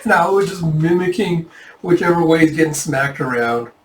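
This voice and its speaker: A man retelling a manga volume in a casual readthrough, animated and often laughing. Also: a little high, moderate pace, roomy sound, far from the mic, a little hiss or hum. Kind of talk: casual comic-book readthrough.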